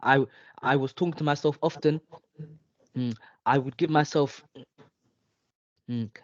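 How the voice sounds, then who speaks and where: A man's voice: medium pitch, steady tone, unhurried, darkish tone, dry recording. Young man stuttering heavily on a call. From London. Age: 20s. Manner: heavy stutter with blocks and throat clearing. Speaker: stuttering client. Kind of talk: speech therapy session over video call. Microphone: video call. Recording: dull lo-fi video call audio.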